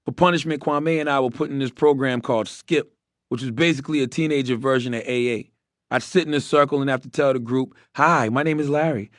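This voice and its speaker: A man's voice: medium pitch, dry recording, clean studio sound. A middle-aged man narrating his memoir in a candid, wry storytelling manner with blunt, profane asides.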